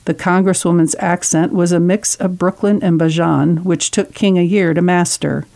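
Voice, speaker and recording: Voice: mid-range voice, vocal fry, a little mellow. A reader steadily reading magazine articles aloud, with a few small slips.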